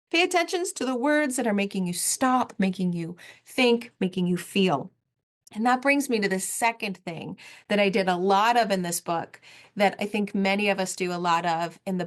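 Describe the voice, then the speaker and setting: A woman in her forties hosting a solo podcast, talking in an earnest, heartfelt way and repeating phrases for emphasis. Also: mid-range voice. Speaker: podcast host.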